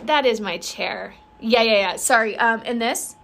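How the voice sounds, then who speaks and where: A woman's voice: on the high side, a little slow, vocal fry, fairly bright tone. Bubbly, candid woman podcast host. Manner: bubbly, rambling and candid, swearing freely. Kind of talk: casual solo podcast chat.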